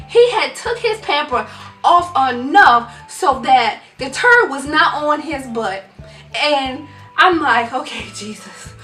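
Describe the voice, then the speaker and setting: A mother venting to her viewers, telling a comic story with animated, dramatic delivery. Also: high voice, echoey room, distant mic. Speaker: mom vlogger.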